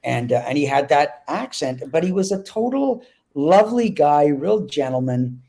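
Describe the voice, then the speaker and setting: A man with a gravelly, husky voice tells behind-the-scenes stories in an easy, conversational way. He jumps animatedly into the voices of the people he's talking about. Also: fairly high pitch, moderate pace. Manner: animated, acts out other people's lines. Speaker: guest actor. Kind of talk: casual anecdotal storytelling.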